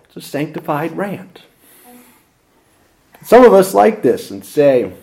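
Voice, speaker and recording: Man, sermon, emphatic preaching, slightly high, mellow tone. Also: takes it slowly, gravelly. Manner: lively expository preaching with dramatic emphasis.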